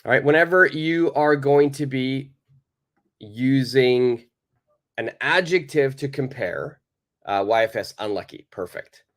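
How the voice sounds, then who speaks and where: A man teaching English in an unhurried, patient way, speaking slowly and repeating each question for his viewers. His voice sits at an ordinary middle pitch, and his explanations stay simple and steady. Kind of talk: live online English lesson.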